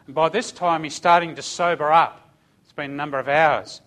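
A man's voice: on the high side, fairly even intonation, normal speed, a bit bright. A middle-aged man telling a testimony in a sermon, emphatic and calling out amen and hallelujah. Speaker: church speaker giving testimony.

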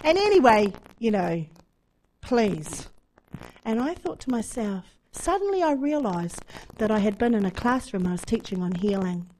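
A woman preaching, giving a testimony as an animated story and acting out the dialogue. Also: medium pitch, normal speed, a little hiss or hum, low-quality recording. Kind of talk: sermon testimony.

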